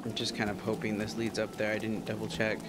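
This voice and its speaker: A man's voice: fairly low pitch, monotone, fast, very noisy. A man streaming a game, joking, swearing and laughing often in casual commentary. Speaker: gaming streamer.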